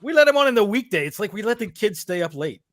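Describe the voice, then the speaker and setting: A man's voice: high-pitched, very animated, fast talker, no echo, clean studio sound. A man hosting a casual podcast on a video call, teasing his guests in an upbeat emcee style. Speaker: podcast host. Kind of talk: casual chat.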